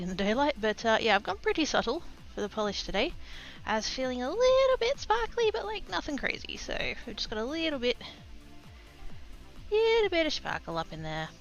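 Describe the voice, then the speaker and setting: A cheerful Australian woman streaming from her craft room, talking into a headset. Her voice is bright and lively, leaping up in pitch when she gets excited. The sound is a little dull and lo-fi, with quiet music playing behind her. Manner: bubbly, giggly, exclamatory. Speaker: craft livestreamer. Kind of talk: casual livestream chat greeting viewers.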